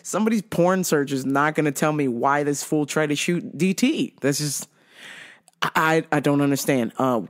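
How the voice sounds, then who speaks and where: A woman hosting a podcast, telling stories in a loud, profane, laugh-filled casual rant. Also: low-pitched, moderate pace. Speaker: podcast host.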